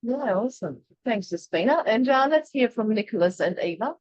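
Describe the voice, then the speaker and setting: A woman from Eastern Europe leading an online workshop, talking in a chatty, animated way and laughing often. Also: a little high, normal speed, no echo, lo-fi sound. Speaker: workshop leader. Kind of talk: casual online workshop teaching.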